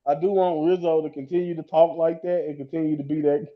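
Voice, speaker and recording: A man with a high voice co-hosting a casual podcast. He agrees readily, laughs often and stumbles over repeated words as he starts a thought. His audio is slightly muffled and lo-fi. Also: level tone, quick pace. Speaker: podcast co-host. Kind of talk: casual chat.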